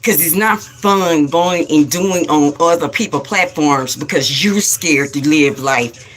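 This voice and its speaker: A woman hosting a spiritual livestream, scolding viewers and repeating herself for emphasis in a rapid-fire way. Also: low voice. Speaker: livestream host.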